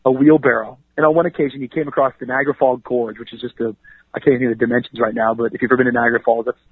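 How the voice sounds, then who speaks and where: A male pastor and author speaking as an interview guest in an energetic, preachy manner, often adding 'you know what I mean'. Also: mid-range voice, rapid-fire, slightly rough, no echo. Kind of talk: conversational radio interview. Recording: dry, tinny phone line.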